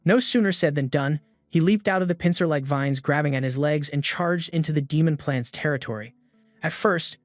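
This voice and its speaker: A man's voice: on the high side, dry recording. A man steadily reading a scripted story recap. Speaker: narrator. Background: faint background music.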